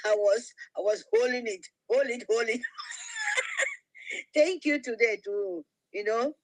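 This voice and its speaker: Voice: mid-range voice, normal speed, dry recording, rough recording. A speaker joining an online voice room, happily greeting each listener by name. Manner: happy, laughing, greeting everyone by name.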